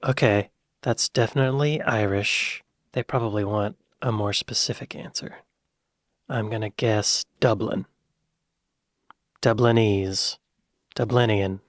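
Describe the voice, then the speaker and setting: A man's voice: on the low side, unhurried, pauses often, dry recording, clean studio sound. American man thinking aloud on camera. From United States. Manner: thinks aloud, excitable bursts. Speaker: reaction video host. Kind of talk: casual reaction commentary.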